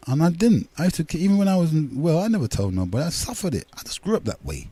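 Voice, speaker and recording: A man's voice: fairly high pitch, very animated, fast, hardly any pauses, warm tone, slightly rough, dry recording. An older man, hosting a radio talk show in a rambling, emphatic monologue that repeats words and addresses listeners as brethren.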